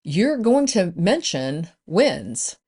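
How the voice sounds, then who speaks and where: A woman's voice: lowish voice, very animated, drawn-out words, warm tone, breathy edge. A woman business coach hosting a solo podcast, upbeat and encouraging in a conversational way.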